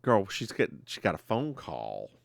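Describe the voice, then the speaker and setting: Sassy Southern podcast host, lively voice. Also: male voice, low voice, a little slow, vocal fry, dry recording. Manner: sassy and playful, calls his co-host girl. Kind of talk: casual chat about a TV episode.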